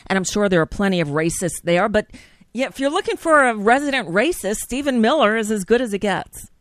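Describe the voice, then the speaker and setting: A woman's voice: mid-range voice, expressive, fairly quick, dry recording. A woman hosting a casual political chat, emphatic and outraged. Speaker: host.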